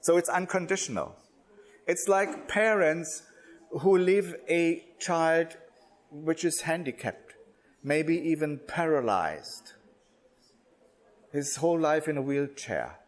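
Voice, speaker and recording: At a religious workshop, a man with a slightly high voice speaks slowly and deliberately. He pauses, restarts, and uses non-native English phrasing.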